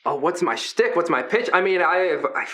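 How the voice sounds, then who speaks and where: A man's voice: high voice, lively intonation, normal speed, bright, forceful tone, pitched above the performer's own voice. A man voicing Brutus, a kind, rambling fifteen-foot triceratops-like arena fighter who keeps reinventing his act. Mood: earnest. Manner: earnest, rambling, self-reinventing showman.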